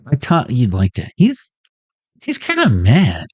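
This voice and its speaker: A young man riffs off the cuff in a rambling, joking way and swears freely. His pitch swings widely as he riffs. The recording is dry and close. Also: huge pitch swings, slow pace, long pauses, breathy edge, dry recording. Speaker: tarot reader and streamer. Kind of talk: off-the-cuff comic riffing.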